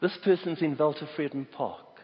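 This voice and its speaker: A man's voice: fairly high pitch, measured pace, husky. A South African man preaching a sermon in a church auditorium, telling stories and stressing key words. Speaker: pastor. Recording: echoey hall, dull lo-fi sound.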